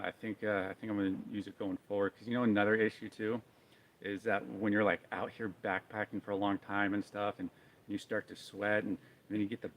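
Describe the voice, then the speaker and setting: A man's voice: fairly low pitch, a bit bright. A man vlogging outdoors in a forest, talking casually and rambling with lots of fillers. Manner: rambling, easygoing, many fillers.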